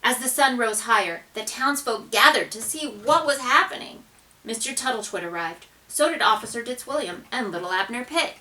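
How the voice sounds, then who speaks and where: A woman reading a children's picture book aloud, with expressive, dramatic narration and hushed asides. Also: fairly high pitch, moderate pace, distant mic, rough recording. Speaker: storybook reader.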